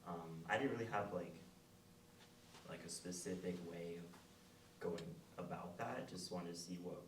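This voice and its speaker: A young man with a very deep voice answers slowly and nonchalantly, filling pauses with likes and ums. He sounds distant from the microphone in an echoey room, with faint background noise. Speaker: new investor asking for advice. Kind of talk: hesitant answers in a live group session.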